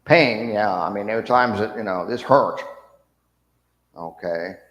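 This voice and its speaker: There's slight background noise as a fairly low-pitched man teaches a church Bible class in an unhurried way. He's animated, quizzing his students and voicing figures from the story like the mocking soldiers, all in an echoey, long-reverb room.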